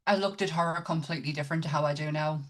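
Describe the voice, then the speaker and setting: A woman's voice: deep voice, steady tone, very fast. A woman with a British accent co-hosting a casual podcast, chatty, with many ums and restarts. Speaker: podcast co-host.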